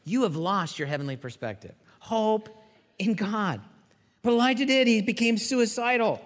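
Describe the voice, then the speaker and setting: A male pastor preaching a sermon with animated storytelling, acting out the quotes. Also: high voice, moderate pace. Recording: long hall reverb.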